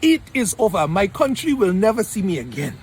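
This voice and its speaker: A man's voice: sits high, sing-song, brisk, darkish tone, a little hiss or hum. A man voicing a defiant young student with an imitated Nigerian accent, declaring he will never go back home. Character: male foreign student set on never returning home.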